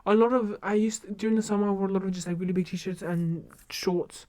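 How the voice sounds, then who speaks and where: On a casual livestream, a young woman streamer talks fast with fairly even intonation and a darkish, medium-pitched voice. She rambles and keeps cutting herself off to start sentences over.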